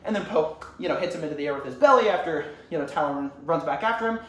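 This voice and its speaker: A man's voice: fairly high pitch, lively intonation, quick pace, a bit bright. A young man who rambles and swears a lot as he retells a movie scene in a casual, comic way. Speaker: YouTuber. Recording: roomy echo, faint ambient noise.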